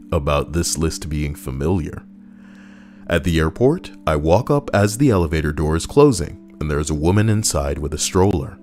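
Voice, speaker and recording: A man streaming casually, reading stories aloud and joking sarcastically with his chat. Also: sits low. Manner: animated, sarcastic, jokes with chat. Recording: soft background music.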